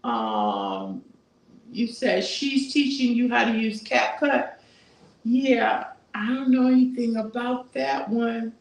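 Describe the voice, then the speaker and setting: A woman in her sixties hosts a casual YouTube live stream, chatting with viewers, reading their comments aloud and adding churchy asides. Her voice is fairly high, animated and creaky, and she takes her time. The room echoes and the audio is poor.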